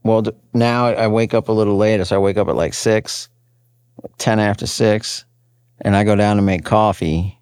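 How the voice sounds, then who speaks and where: Man, low voice, relaxed storyteller, dry recording. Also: normal speed, clear, resonant tone, no echo. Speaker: band member, podcast co-host. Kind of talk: casual chat.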